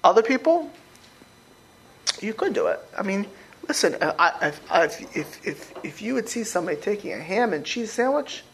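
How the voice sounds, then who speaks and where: A male rabbi leading an informal class, his pitch leaping up and down as he talks. He often repeats himself and slips into little acted-out quotes, pressing his listeners with questions. There is a faint hiss behind him. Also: normal speed, poor audio. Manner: animated, repeats words, acts out quoted speech.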